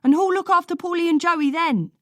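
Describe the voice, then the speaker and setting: Woman doing a shouting, tearful young boy. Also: very high voice, fairly quick, dry recording, studio quality, voice pushed up. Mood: upset. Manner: shouting, wailing. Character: angry tearful boy, defiant older brother. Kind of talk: audiobook character voice.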